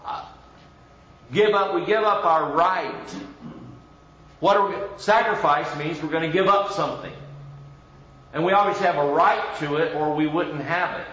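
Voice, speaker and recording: A man's voice: on the high side, normal speed, pauses often, a bit bright. A man, a pastor, preaching a conversational sermon full of rhetorical questions and mock voices. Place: church. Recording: roomy, dull church recording.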